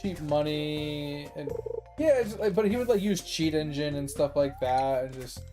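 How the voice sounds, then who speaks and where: A man's voice: a little high, expressive, normal speed, music in the background. A man streaming games, telling a long rambling story from his childhood with lots of swearing and laughter. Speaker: gaming streamer. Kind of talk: casual storytelling on a game stream.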